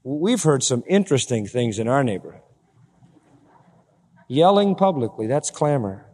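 A male pastor preaching a sermon, full of rhetorical questions and building to forceful, emphatic climaxes. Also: medium pitch, very animated, normal speed. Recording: long hall reverb.

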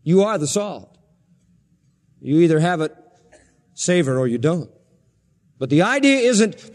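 Emphatic high-voiced male preacher, long reverb. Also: expressive, moderate pace, long pauses, a little mellow. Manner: emphatic, insistent preaching with repeated phrases. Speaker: pastor. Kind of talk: sermon.

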